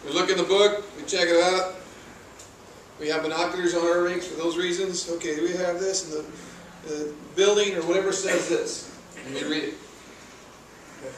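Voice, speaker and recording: A man's voice: high-pitched, steady tone, normal speed, pauses often. A male firefighter instructor, giving a casual training lecture, chatty and full of anecdotes and questions to the class. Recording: echoey room, voice from far off, faint noise.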